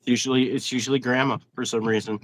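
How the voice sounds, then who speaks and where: Bright-voiced chatty livestream host. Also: male voice, mid-range voice, steady tone, fast, rough recording. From Wisconsin. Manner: chatty, rambling, laughs often. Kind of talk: casual livestream interview.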